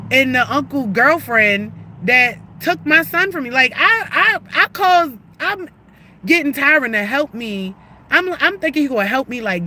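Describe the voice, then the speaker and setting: A woman's voice: high-pitched, bright, forceful tone. Agitated woman. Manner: agitated, profane, rambling with restarts. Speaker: livestreamer. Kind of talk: heated live-stream rant.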